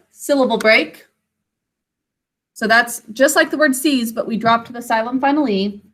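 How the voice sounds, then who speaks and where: High bright-voiced woman teaching spelling. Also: animated. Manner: patient, slow and careful over word sounds. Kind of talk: online spelling lesson for children. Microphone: video call.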